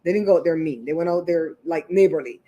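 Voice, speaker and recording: Woman host, lowish voice, rambling chatty storyteller on a livestream. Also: fast talker, warm tone, lo-fi sound. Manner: chatty, rambling retelling full of asides. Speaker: show host.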